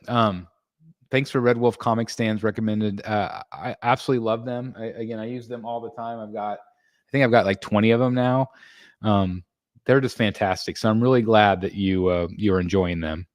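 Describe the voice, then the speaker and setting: A man's voice: fairly low pitch, fairly even intonation, moderate pace, no room sound, studio quality. A man hosting a casual collectors' livestream, reading chat messages and answering in a rambling way with many ums and restarts. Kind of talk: casual live-stream chat.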